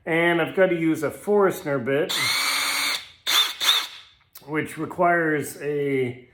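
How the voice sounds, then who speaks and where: A man's voice: a little high, slow, heavy background noise. A man chatting casually to the viewer while building something at home, in a jokey, talkative way. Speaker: home DIY vlogger. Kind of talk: casual how-to narration. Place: home office during building work. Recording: roomy echo in a bare room.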